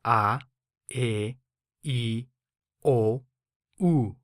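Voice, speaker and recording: Drill repeater, very slow careful repetition, mid pitch, dry close recording. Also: no room sound. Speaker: learner repeating words. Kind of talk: repeating words after a model.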